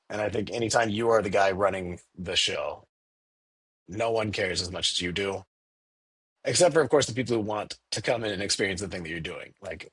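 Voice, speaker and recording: A man with a low, slightly husky voice, recorded close and dry with no room around him. He chats casually in an interview about running his store. He keeps lively and breaks into quick quoted lines in a higher voice. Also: dry recording. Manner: animated, acts out quotes in a raised voice. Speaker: candy store owner.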